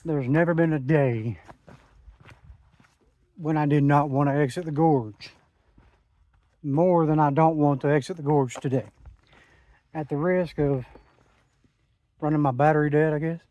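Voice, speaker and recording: A man's voice: on the high side, dark tone, no room sound. A man, talking in a rambling, enthusiastic way into his phone while out hiking a mountain trail. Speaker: hiking vlogger. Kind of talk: casual trail vlog. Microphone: phone camera.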